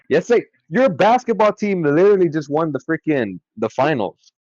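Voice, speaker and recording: Young male co-host, lively and excitable, casual and profane, dull lo-fi mic. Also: on the high side, normal speed, no room sound. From California. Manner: excitable, swears a lot, laughs often. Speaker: podcast co-host. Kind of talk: casual chat. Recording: dry, dull lo-fi sound.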